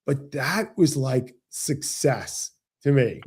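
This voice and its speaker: A man, a financial advisor guest on an interview show, explaining with animated stories and acted-out dialogue. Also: medium pitch, slow pace, slightly rough. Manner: animated, acts out quoted dialogue. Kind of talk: casual interview storytelling.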